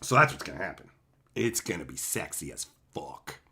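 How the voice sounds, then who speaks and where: A man's voice: extremely low pitch, sing-song, moderate pace, noisy background. A man streaming live, chatting with viewers in brash, joking banter and swearing constantly.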